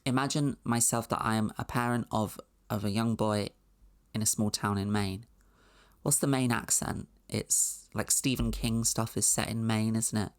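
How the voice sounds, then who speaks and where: A woman's voice: a bass voice, fairly even intonation, moderate pace. A woman hosting a comedic video essay, commenting with dry, sarcastic asides. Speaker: host.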